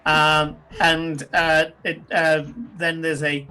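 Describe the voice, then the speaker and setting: A man's voice: fairly high pitch, flat delivery, takes it slowly, sharp tone, clear, resonant tone. A man narrating as game master in a tabletop game, talking loosely with fillers and restarts. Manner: loose, descriptive, many ums and restarts.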